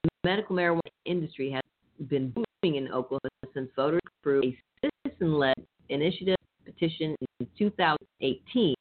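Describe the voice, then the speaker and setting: Through tinny, phone-like audio, a radio host with a medium-pitched voice reads news items at a quick pace. After each one they riff casually, swearing and laughing.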